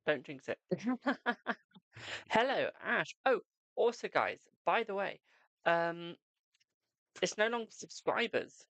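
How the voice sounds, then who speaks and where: A man's voice: sits high, very animated, slow pace, gravelly, pauses often, pushed and bright, dry recording. A man streaming live, reading tarot cards and chatting with viewers, calling them "my darling". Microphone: desk microphone.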